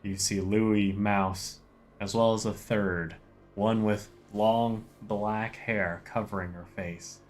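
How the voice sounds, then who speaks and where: Man game master, slow descriptive scene narration, lowish voice. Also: steady tone.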